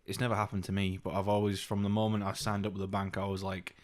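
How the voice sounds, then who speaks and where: A young man with a low voice co-hosts a casual podcast chat. He tells stories with plenty of swearing and slips into mocking little impressions of the people in them. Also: fast talker. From United Kingdom. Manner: sweary, animated storytelling with mocking put-on voices. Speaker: podcast co-host.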